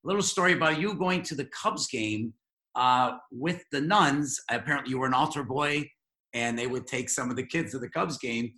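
Bright-voiced interview host in an echoey room. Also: male voice, medium pitch, moderate pace. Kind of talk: interviewing and reading aloud from a book.

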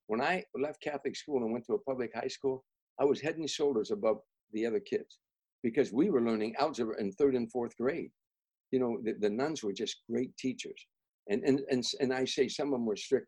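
An older man from the Chicago area rambles through a personal anecdote, restarting and repeating words as he goes. His voice is husky and sits at an ordinary pitch. He settles into a soft, reflective tone. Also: brisk, low-quality recording. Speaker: guest, comedian and author.

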